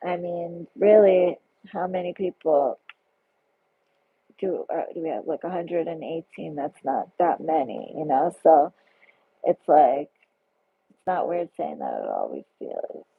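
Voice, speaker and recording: A woman's voice: on the low side, vocal fry, husky. A woman hosting a casual livestream, chatty and effusive as she reads out viewer comments. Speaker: tarot livestream host. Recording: phone-like narrow sound.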